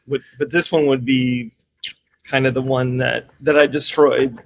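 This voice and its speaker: A man's voice: mid-range voice, flat delivery, measured pace, gravelly, muffled recording, slight background noise. A man playing a tabletop game over a call, talking hesitantly with restarts. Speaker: player. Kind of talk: casual game chat.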